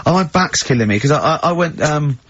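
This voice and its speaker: Radio host guy, husky voice, dry studio sound, bit muffled, keeps cracking up laughing. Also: animated, quick pace, fairly bright tone, dry recording. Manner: rambling anecdotes, breaks into high-pitched laughter. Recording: slightly muffled radio broadcast.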